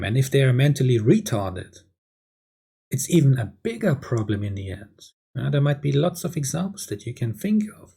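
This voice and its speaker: A man's voice: mid-range voice, gravelly, dark tone, breathy edge. A man delivering a blunt, crude lecturing monologue, often tagging lines with "yeah?". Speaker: video creator. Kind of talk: ranting monologue.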